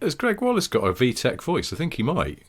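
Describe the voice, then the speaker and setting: A man co-hosting a casual podcast chat, joking and slipping into squeaky impressions. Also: wildly swooping pitch, brisk, breathy edge. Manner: jokey, breaks into high squeaky impressions. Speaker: podcast co-host.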